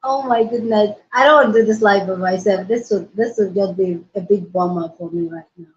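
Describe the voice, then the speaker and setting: A woman hosting a casual livestream from her mobile phone, hyper, excitable and loud as she greets her viewers. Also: medium pitch, brisk. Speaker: livestream host. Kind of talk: casual live-stream chat. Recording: roomy, dull lo-fi phone audio.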